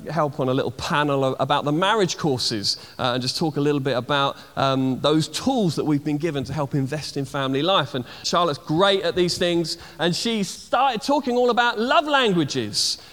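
A man preaching a conversational sermon, full of fillers and restarts, slowing down to stress key words. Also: a little high, fairly bright tone. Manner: conversational, many fillers and restarts, slows for emphasis. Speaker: pastor. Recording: long hall reverb.

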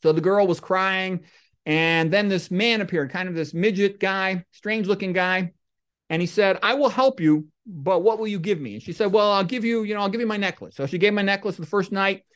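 A middle-aged man hosts a podcast and talks his way through comic stories and quotes. His delivery stays deadpan and wanders into rambling asides. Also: high voice, brisk. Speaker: podcast host. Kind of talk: comic monologue and storytelling.

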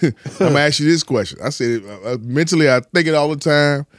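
A man's voice: a little high, fast, no echo, clean studio sound. A man co-hosting a casual podcast, teasing the others with profane questions. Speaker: podcast co-host. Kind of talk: casual chat.

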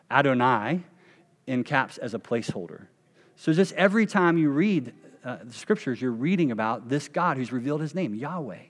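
A man preaching a sermon as pastor, emphatic, slowing down and dropping to a hush on key phrases. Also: a little high. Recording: long reverb of a church hall.

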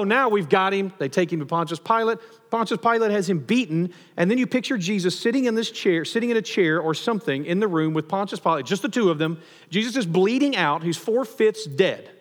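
A pastor giving a sermon in a conversational, animated storytelling manner with touches of humor. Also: male voice, sits high, long reverb tail.

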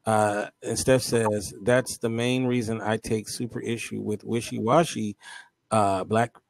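Halting man reading viewer comments. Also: fairly low pitch, level tone, gravelly, no echo. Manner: halting, many fillers and restarts. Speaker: co-host.

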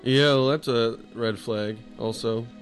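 A man's voice: medium pitch, steady tone, measured pace, over music. A man co-hosting a podcast, making dry, laid-back remarks about a movie. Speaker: podcast co-host. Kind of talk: casual movie-watching chat.

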